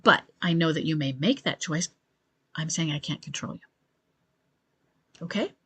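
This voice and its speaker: A woman's voice: low-pitched, expressive, normal speed, fairly bright tone, breathy edge. Earnest woman giving marriage advice. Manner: earnest and reassuring, often checks in with "okay?"; thinks aloud with restarts and self-corrections. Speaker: marriage coach answering listener questions. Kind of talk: advice monologue to camera.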